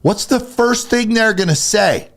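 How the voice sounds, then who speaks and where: Animated man preaching in a casual chat. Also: high-pitched, measured pace, vocal fry. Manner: emphatic and heated, acts out little quoted exchanges. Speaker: co-host of a Christian talk show. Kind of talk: casual faith talk, preachy.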